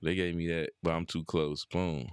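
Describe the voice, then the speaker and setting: A man's voice: sits low, flat delivery, normal speed, clear, resonant tone, dry recording. A young man hyping himself up while playing, with casual trash talk and laughs. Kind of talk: casual gameplay commentary.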